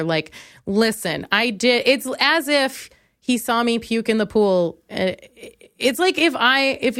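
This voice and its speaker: A woman's voice: mid-range voice, dry recording, clean studio sound. A young woman hosting a podcast, telling a comic story and acting out the other voices. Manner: animated, acts out voices in quotes, laughs often. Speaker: podcast host. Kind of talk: comedic storytelling monologue.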